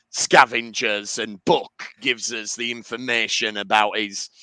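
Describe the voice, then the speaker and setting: A man's voice: mid-range voice, sharp tone, smooth, no echo, rough recording. A man co-hosting a podcast, chatting casually with dry jokes. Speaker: podcast co-host.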